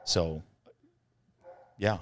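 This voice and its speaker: A man co-hosting a podcast, talking over parenting strategies in a thoughtful, measured way with frequent pauses. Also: a little hiss or hum. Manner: thoughtful and measured, with many ums. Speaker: podcast co-host, doctor. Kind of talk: casual chat.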